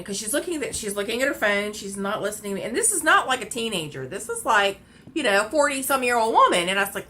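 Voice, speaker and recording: A woman vlogger telling a story in a casual rant, animated and exasperated, laughing and repeating herself. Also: medium pitch, quick pace, a little hiss or hum.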